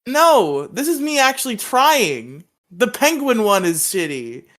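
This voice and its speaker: A man's voice: very high voice, very animated, measured pace, a bit bright. A man co-hosting a podcast in casual chat, joking and teasing his guest. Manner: joking, laughing often. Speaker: podcast co-host.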